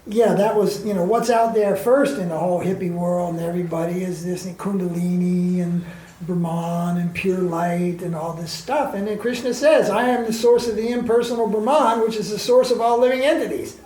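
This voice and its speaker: A man's voice: high-pitched, steady tone, normal speed, mellow. Emphatic man asking rhetorical questions, roomy echo. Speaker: spiritual teacher being interviewed. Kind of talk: candid conversational storytelling.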